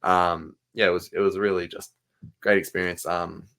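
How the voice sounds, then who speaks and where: A man's voice: deep voice, flat delivery, moderate pace, creaky, fairly bright tone. A man co-hosting a fan podcast, chatting casually and enthusiastically with many fillers. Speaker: podcast co-host.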